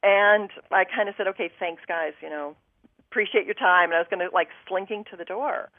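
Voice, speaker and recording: A woman's voice: medium pitch, brisk, dry recording, phone-quality sound. A woman guest telling a personal story on a talk show, acting out her own thoughts and what others said to her.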